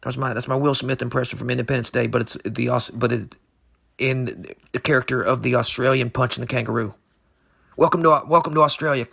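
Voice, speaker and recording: A man co-hosting an improvised comedy podcast, rambling in halting, absurd deadpan. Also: mid-range voice, creaky, husky. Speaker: podcast co-host.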